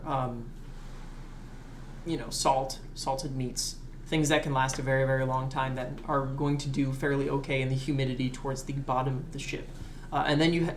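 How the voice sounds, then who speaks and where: A man running a tabletop game, casually explaining a ship's layout with many fillers and pauses. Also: mid-range voice. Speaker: game master. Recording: echoey room, faint background noise.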